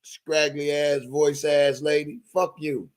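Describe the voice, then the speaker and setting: A man's voice: a little high, level tone, takes it slowly. A man with a Baltimore accent, hosting a live stream in a profane, heated rant.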